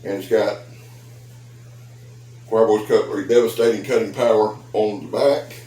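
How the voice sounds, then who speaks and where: A man's voice: on the low side, steady tone, normal speed, mellow, distant mic. A man, chatting folksily in a rambling home vlog about knives, with his dogs around. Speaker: knife reviewer and seller. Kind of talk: casual vlog. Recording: echoey room, voice off-mic.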